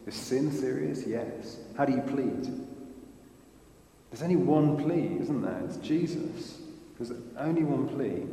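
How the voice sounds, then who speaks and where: A man's voice: medium pitch, warm tone. Man preaching in an echoey hall. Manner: earnest, asks rhetorical questions. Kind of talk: sermon.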